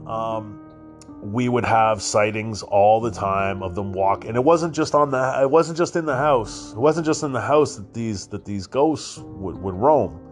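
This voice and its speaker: A male podcast host with a voice on the low side tells a personal story casually. He rambles and swears, filling his speech with fillers and restarts.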